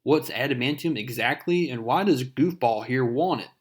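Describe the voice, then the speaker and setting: A man voicing a wisecracking young male superhero, reading his sarcastic quips in a brighter, louder voice. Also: mid-range voice, moderate pace, lightly acted. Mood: mocking.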